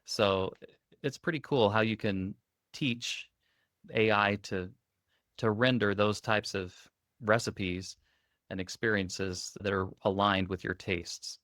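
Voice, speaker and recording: A man co-hosting a tech podcast, talking in a relaxed, upbeat, conversational way. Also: fairly low pitch, slow pace, no room sound, studio quality. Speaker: co-host. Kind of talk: casual tech podcast chat.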